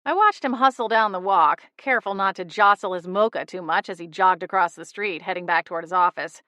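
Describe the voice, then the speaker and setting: A woman narrating a first-person cozy mystery audiobook in a wry, lively storytelling manner, on a close studio mic. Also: fairly low pitch, fairly quick, no room sound.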